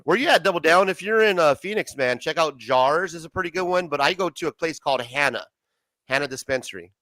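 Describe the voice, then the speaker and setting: A man's voice: fairly high pitch, expressive, fast talker, bright, forceful tone, dry recording. A man hosting a casual late-night livestream, swearing a lot and laughing often. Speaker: livestream host.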